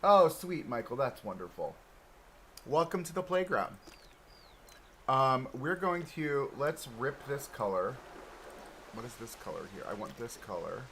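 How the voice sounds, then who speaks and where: A man's voice: medium pitch, big pitch swings, a little slow, long pauses, a bit bright, slight background noise, low-quality recording. Easygoing man streaming a game. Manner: chatty, easygoing, self-deprecating, laughs often. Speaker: live-streamer host. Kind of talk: casual live-stream chat while playing. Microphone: desk microphone close in front.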